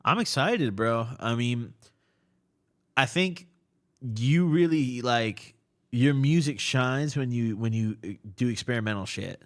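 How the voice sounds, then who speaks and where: A man's voice: medium pitch, a little slow, fairly bright tone. A young man hosting a podcast interview, loose and rambling, tipsy, swearing and laughing often. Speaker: podcast host. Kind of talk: casual drunk interview chat. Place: small cluttered podcast studio corner.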